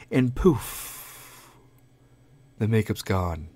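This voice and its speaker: A man's voice: medium pitch, wildly swooping pitch, takes it slowly, long pauses, a little mellow, no echo. A man hosting a podcast, delivering a profane, rambling comedic rant. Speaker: podcast host.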